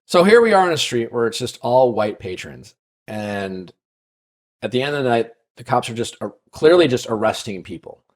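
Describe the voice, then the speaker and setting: A man hosting a podcast, casually telling a long personal story, full of fillers and tag questions. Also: medium pitch. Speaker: podcast host.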